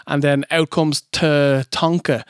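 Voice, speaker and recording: A man co-hosting a comedic wrestling review, telling the story with animated, mocking energy. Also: on the high side, slow, smooth, no room sound, studio quality. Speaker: podcast co-host.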